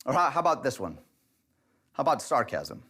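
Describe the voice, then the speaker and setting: A man of middle pitch teaches a church relationship session on camera. His delivery is direct and conversational, with a wry, light humor woven in. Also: sing-song, a little fast, a bit bright. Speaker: pastor teaching a relationship class.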